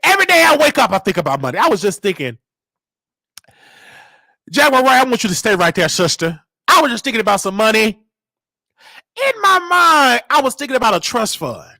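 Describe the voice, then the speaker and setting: Man, very high pitch, wildly swooping, shouting and preachy, dry close sound. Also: a little fast, creaky, pauses often, no echo. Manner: shouting, preachy, animated, scolding listeners. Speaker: show host. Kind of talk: loud live-stream commentary.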